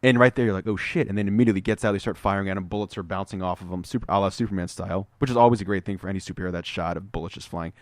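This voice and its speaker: A man co-hosting a podcast, retelling comic book scenes as an animated storyteller in casual chat. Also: deep voice, very fast, hardly any pauses, no room sound. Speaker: podcast co-host.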